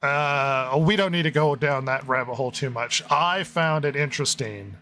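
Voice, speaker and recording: A podcast host chats casually and sarcastically while reading listener comments and reviews aloud. His voice is medium-pitched, moderately paced, bright, and forceful, with a little hiss or hum on the recording.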